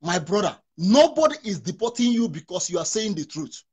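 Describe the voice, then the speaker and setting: A man's voice: high-pitched, sing-song, brisk, darkish tone, slightly rough. A man speaking as a talk show guest over a remote call, fervent, often restarting and repeating himself. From Nigeria. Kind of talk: impassioned talk show discussion. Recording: interrupted remote call connection.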